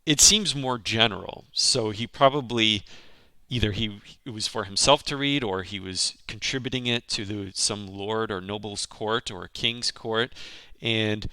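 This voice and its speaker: A man's voice: fairly low pitch, unhurried, pushed and bright, smooth, no echo. A man teaching a literature lesson, explaining a poem line by line in a thoughtful way, with frequent ums and restarts.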